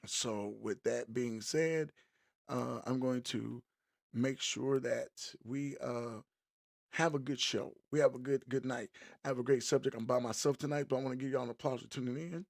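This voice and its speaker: A man's voice: medium pitch, steady tone, normal speed, vocal fry, no room sound, studio quality. A middle-aged man hosting a live-streamed podcast, opening the show in an upbeat, chatty way and greeting viewers by name. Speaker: podcast host.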